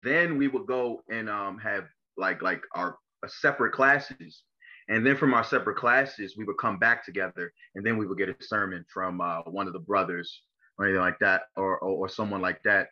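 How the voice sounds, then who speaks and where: Halting low-voiced young man. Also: pushed and bright, highs cut off. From Maryland, USA. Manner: halting, full of fillers and repeated starts. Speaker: interview guest. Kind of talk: personal testimony interview.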